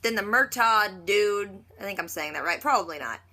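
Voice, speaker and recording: A woman recapping a TV episode in a casual, chatty vlog, acting out quotes in quick little voices. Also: mid-range voice, lively intonation, pushed and bright. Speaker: reaction vlogger.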